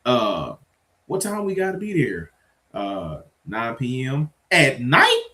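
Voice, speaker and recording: A man ranting casually to his viewers, exasperated and swearing, swinging between loud outbursts and low muttering. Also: wildly swooping pitch, slow. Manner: conversational, addresses viewers directly. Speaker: vlogger. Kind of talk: casual rant to camera.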